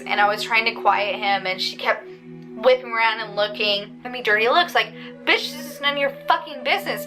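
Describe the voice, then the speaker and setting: A woman's voice: on the high side, rough recording. Ranting, foul-mouthed woman vlogger over music. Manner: profane, indignant ranting. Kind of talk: casual storytime vlog. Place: outdoors, windy. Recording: music bed under the voice.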